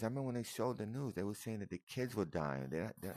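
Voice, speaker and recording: Deep gravelly man reacting emotionally. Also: lively intonation, a little fast, hardly any pauses, a little mellow, no room sound. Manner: emotional, repetitive, addresses viewer as man and brother. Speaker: video commentator reacting to footage. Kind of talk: casual reaction commentary.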